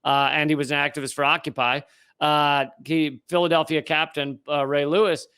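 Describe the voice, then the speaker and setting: A man with a fairly high voice co-hosts a comedic podcast. He tells stories in loose casual chat, restarting sentences and swearing freely. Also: flat delivery, moderate pace, bright, forceful tone, smooth. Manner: storytelling with frequent restarts, swears, laughs easily. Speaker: podcast co-host.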